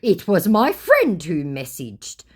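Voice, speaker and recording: Figure: defensive lying male scammer. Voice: a woman reading him, low, lively in pitch, flat and dismissive. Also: slow pace, slightly rough, exaggerated voice.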